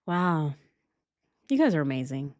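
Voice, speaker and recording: Chatty animated woman hosting a livestream. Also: deep voice. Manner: animated and chatty, quick laughs, casual swearing. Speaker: true crime channel host. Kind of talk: casual livestream commentary.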